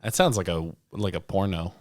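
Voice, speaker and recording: A man's voice: low-pitched, moderate pace, darkish tone, no echo, studio quality. A man co-hosting a podcast, joking about himself in goofy, casual banter. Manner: goofy, self-mocking. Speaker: podcast co-host. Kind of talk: casual chat.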